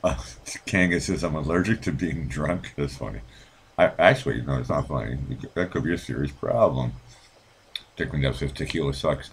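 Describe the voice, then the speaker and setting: A man's voice: rumbling low, a little hiss or hum. A middle-aged man hosting a livestream, reading out viewer comments and rambling in a casual, profane way with frequent laughs. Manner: rambling, swears freely, laughs often. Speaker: livestream host reading chat.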